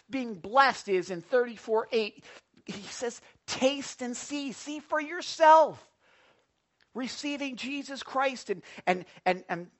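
In a broadcast Bible teaching, a high-voiced man preaches a sermon with excitement, leaping from loud exclamations to whispered asides.

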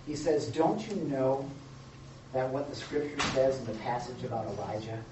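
A man preaching a sermon to a live group, animated, acting out the quotes and adding joking asides. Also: medium pitch, normal speed. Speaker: pastor. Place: church or meeting room with a live audience. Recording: roomy, distant, dull sound with faint noise.

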